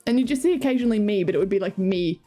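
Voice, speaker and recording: A woman's voice: medium pitch, very fast, music in the background. A woman streamer chatting casually and giggling as she reads chat and talks to her cats.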